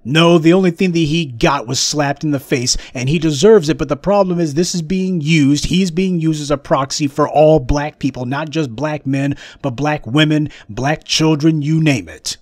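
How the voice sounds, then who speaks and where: A man hosting a political commentary monologue, forceful and sarcastic, lecturing his audience. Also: on the high side, normal speed, hardly any pauses, dry recording. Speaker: host.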